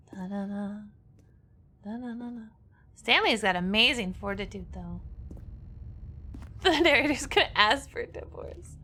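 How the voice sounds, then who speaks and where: A woman's voice: a little high, big pitch swings, unhurried, pauses often, sharp tone. A young woman streaming a game, chatting casually and playfully, giggling and humming silly noises. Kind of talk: casual gameplay commentary.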